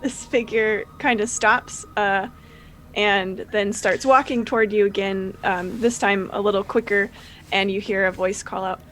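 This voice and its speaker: A woman running a tabletop game as game master, narrating in a relaxed way with many fillers. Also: medium pitch, a little slow, a little hiss or hum, poor audio.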